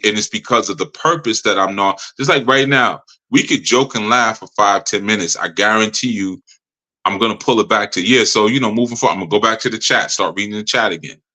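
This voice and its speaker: Man, low pitch, bright forceful tone, spiritual teacher, slips into mimicked voices. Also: rough recording. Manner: acts out other people's voices in quick quoted asides. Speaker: spiritual teacher leading a live study session. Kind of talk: live teaching with a call-in participant.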